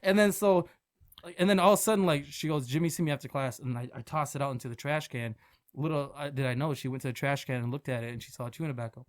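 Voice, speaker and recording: A young man, a podcast guest, telling a story in casual chat, animated, with swearing and laughter. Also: medium pitch, quick pace. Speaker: podcast guest, restaurant manager and food truck owner.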